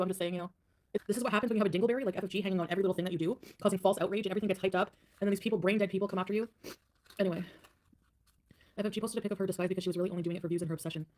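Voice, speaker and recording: A woman's voice: medium pitch, steady tone, racing, a little mellow. A woman livestreamer ranting defiantly, mocking her critics. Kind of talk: livestream rant.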